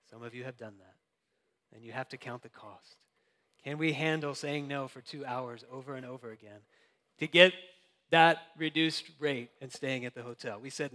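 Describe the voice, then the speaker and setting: A man's voice: a little high, fairly even intonation, fairly quick, a bit bright, long reverb tail. A young adult man preaching a sermon, earnest and conversational with light laughs. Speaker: pastor.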